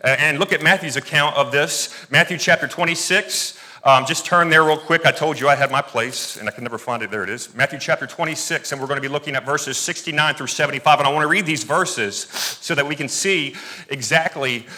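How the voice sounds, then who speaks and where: A man preaching from the pulpit in a high, bright voice with a forceful edge. He reads scripture aloud, then wanders into quick asides, corrects himself and pushes on. His delivery is lively and conversational. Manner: animated, digressive preaching with self-corrections and asides. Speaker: pastor. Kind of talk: sermon.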